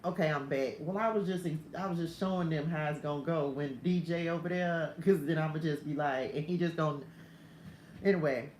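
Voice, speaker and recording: A middle-aged woman with a low, darkish voice talks a little fast as she hosts a casual morning spiritual livestream over her phone. She's chatty, laughs often and keeps wandering into side stories. There's slight background noise, and the room is roomy with faint ambience.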